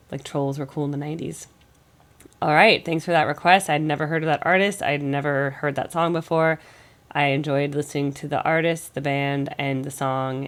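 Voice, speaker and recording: An American woman hosting a music reaction channel, chatting in a rambling, think-aloud way while getting over a cold. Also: sits low. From United States. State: recovering from a cold. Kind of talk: casual reaction commentary.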